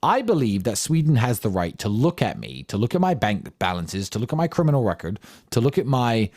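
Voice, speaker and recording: A man's voice: mid-range voice, huge pitch swings, a little fast, darkish tone, husky. A man giving an impassioned, combative monologue in answer to audience questions, firing off rhetorical questions and swearing for emphasis.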